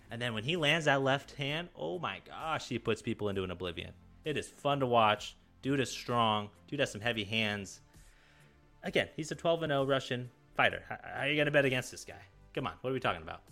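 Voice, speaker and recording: A man's voice: medium pitch, bright, forceful tone. A man as a guest on a casual sports podcast, talking in a hyped, emphatic and slangy way.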